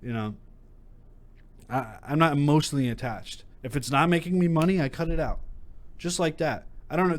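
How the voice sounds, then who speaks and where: Chatty, frank man talking crypto. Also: on the high side. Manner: chatty, frank, full of fillers and restarts. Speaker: crypto channel host. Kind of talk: casual vlog commentary.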